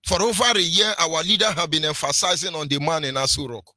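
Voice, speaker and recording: A man with a Nigerian accent delivers fiery political commentary on radio, his voice pitched slightly high and strikingly sharp and forceful. He preaches, hammering rhetorical questions with a sing-song lilt. The sound is close and dry, with no room around it. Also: fast talker, dry recording. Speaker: radio presenter.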